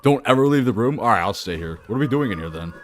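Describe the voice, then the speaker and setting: A man live-streaming a video game, animated, laughing and chatting with his viewers. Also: mid-range voice, fast. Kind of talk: live gameplay commentary.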